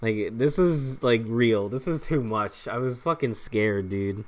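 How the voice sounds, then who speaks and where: A man's voice: mid-range voice, lively intonation, a little slow, darkish tone. Young male gaming host, casual rambling storyteller, swears a lot, fillers and restarts. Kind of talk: casual storytelling over gameplay.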